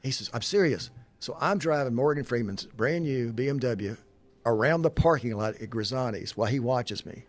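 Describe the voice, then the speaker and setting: A man's voice: mid-range voice, normal speed. A male guest in casual conversation, telling rambling anecdotes. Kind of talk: casual chat.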